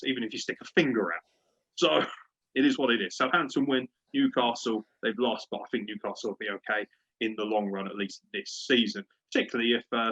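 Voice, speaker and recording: A man's voice: mid-range voice, a bit bright, slightly rough, highs cut off. A man hosting a casual sports podcast, ranting in a fired-up, profane way. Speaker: podcast host.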